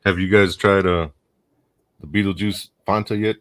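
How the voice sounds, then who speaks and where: A laid-back man hosting a casual live stream, speaking in a very low, deep voice. He keeps the talk going by asking his guests questions and reading out viewer comments. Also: fairly even intonation, normal speed, a bit bright. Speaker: host. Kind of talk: casual chat.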